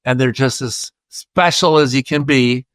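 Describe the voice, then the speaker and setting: Older guy from iowa rambling through a story on a podcast, dry close mic, does loud voices for people he quotes. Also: mid-range voice, a little slow, no echo. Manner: chatty, acts out quoted voices loudly. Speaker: guest.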